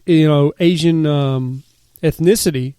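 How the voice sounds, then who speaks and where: A man co-hosting a podcast in casual chat, halting and joking, with many restarts. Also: fairly high pitch, warm tone, clean tone, dry recording, studio quality. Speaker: podcast co-host.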